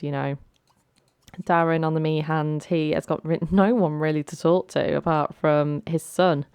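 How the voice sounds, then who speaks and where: A woman with a low, smooth, clear voice hosts a let's play from home. She tells the game's story in a chatty, dramatic way, recorded close and dry with no room echo. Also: darkish tone. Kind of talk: casual gameplay commentary.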